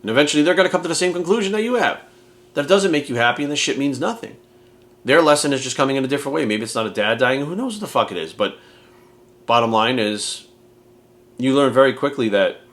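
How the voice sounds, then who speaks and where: With a medium-pitched, fairly bright voice, a fortysomething American fitness coach swears his way through an honest motivational monologue. He comes across as blunt, emphatic and heavily profane.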